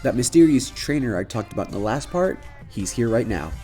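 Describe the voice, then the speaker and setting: A man's voice: medium pitch, big pitch swings, fairly quick, dark tone, faint music behind. A man casually narrating a fan-made story, chatty and speaking directly to his listeners.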